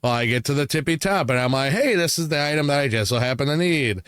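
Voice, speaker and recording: A man's voice: on the high side, animated, quick pace, fairly bright tone, clean tone, no echo, clean studio sound. A young man co-hosting a casual chat, telling work stories and laughing often as he talks. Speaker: podcast co-host.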